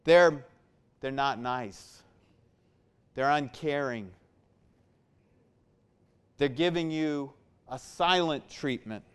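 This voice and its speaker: A man's voice: medium pitch, extremely slow, long pauses, a bit bright, clear, resonant tone. A man preaching a sermon to his church, repeating words for emphasis and building in force. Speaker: pastor.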